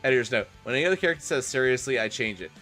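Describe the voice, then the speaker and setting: Male streamer, mock-dramatic reading, crisp bright tone, wry asides. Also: mid-range voice, animated, very fast, soft background music.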